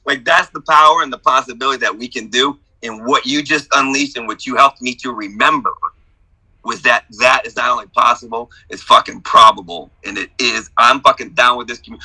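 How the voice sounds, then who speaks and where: A middle-aged man with a very bright, ringing voice swears freely as he talks. He drops into low, quiet confession, then climbs into shouted, exuberant hype. His pitch sits in the ordinary middle for a man. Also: fast, low-quality recording. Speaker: workshop participant. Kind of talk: emotional testimonial on a group video call.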